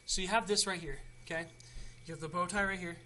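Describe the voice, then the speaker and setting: A man's voice: sits high, steady tone, fast, pushed and bright, a little hiss or hum. A young man hosting a casual how-to video, chatty and rambling with frequent restarts. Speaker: tutorial host.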